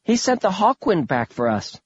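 Chatty young woman, played by a man, raised pitch, husky, dull recording. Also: very animated, moderate pace, dry recording, exaggerated voice. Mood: concerned.

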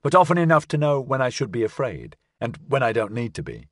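A man's voice: medium pitch, huge pitch swings, fairly quick, a bit bright, no room sound, clean studio sound. A man voicing a wounded, decisive woman agent with a clipped, commanding manner. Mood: calm.

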